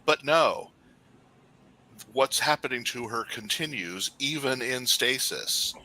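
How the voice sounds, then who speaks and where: A man's voice: medium pitch, animated, slow, pushed and bright, dry recording. A man co-hosting a podcast in casual chat, rambling with many restarts as he critiques. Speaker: podcast co-host.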